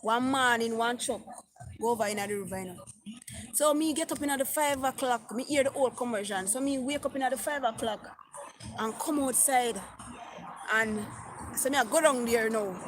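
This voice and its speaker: A middle-aged vlogger with a Jamaican accent chats on her phone livestream, reading comments aloud and slipping into patois. Her voice is a little high, she talks at a normal speed, and background noise is audible.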